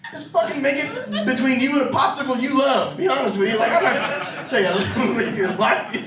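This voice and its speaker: A male stand-up comic with a very high voice, loud and rowdy, full of profanity. He is picked up from a distance in an echoey small club, and the crowd's laughter comes up clearly behind him. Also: expressive, moderate pace. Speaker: stand-up comedian. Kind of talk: stand-up comedy set. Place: small listening room with a live audience. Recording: roomy, distant live-room recording with crowd laughter.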